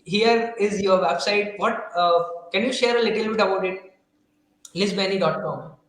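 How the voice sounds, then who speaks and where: A man's voice: sits high, normal speed, fairly bright tone. A man hosting a casual interview, thanking his guest, with hesitant fillers. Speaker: interview host. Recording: very echoey room.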